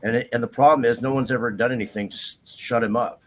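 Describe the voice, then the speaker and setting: A man's voice: mid-range voice, steady tone, fast, slight background noise, low-quality recording. A man on a podcast panel speaking bluntly and dismissively, heard over a video call. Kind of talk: casual talk.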